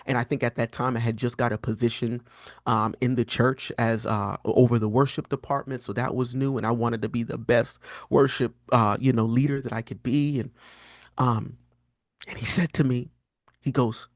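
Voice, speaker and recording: A man in his thirties, a guest on a podcast, telling a personal story in a casual, earnest way. He often restarts and fills his speech, and his voice jumps much higher when he quotes himself. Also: normal speed, no room sound, clean studio sound. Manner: animated, rises sharply in pitch when quoting himself; frequent fillers and restarts, earnest and candid. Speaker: podcast guest, prophetic teacher.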